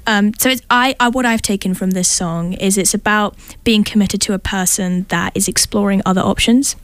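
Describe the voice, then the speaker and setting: A woman's voice: medium pitch, moderate pace, no echo. A young woman, a radio show guest, talking thoughtfully with many fillers. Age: young adult. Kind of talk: casual chat.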